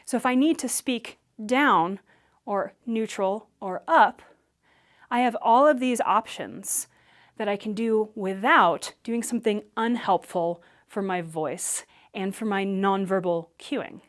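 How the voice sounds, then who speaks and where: A woman Alexander Technique teacher who explains and demonstrates movement for public speaking in a clear, patient way. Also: medium pitch, takes it slowly.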